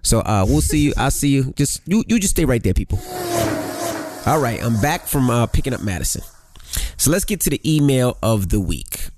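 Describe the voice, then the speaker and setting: Brash, lively man co-hosting a podcast. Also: medium pitch, normal speed, heavy background noise. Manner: brash, swears freely, sheepish apologies. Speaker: podcast co-host. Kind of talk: casual chat, reading a listener email.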